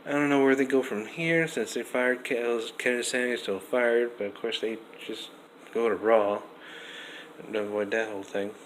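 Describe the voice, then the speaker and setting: A young man giving a casual, rambling wrestling review, restarting sentences often and getting animated. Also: medium pitch, normal speed, rough recording. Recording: faint background noise.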